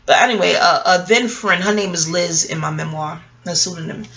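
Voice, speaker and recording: A middle-aged woman tells a story straight to the camera, animated and salty. Her voice has a gravelly, fry-laden edge. The tone is bright and forceful. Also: on the low side, a little fast, rough recording. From New York City. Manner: animated, profane, talks straight to viewers. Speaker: vlogger and memoir author. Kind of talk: casual storytelling monologue.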